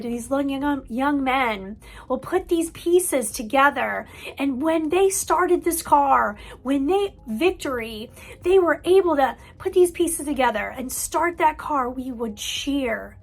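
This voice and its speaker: A woman mental health counselor giving an earnest parent-coaching talk, stressing key points by repeating words. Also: high voice. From United States.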